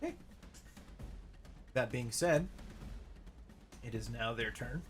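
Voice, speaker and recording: A man running a tabletop game, mid-pitched and animated, stumbling through his narration with bursts of laughter. Soft music plays behind him. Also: slow. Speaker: game master.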